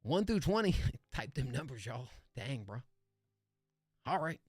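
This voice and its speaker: A man's voice: medium pitch, sing-song, measured pace, breathy edge, no echo, clean studio sound. A man hosting a live music review stream, chatting casually and enthusiastically with lots of slang, fillers and restarts. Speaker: livestream music review host.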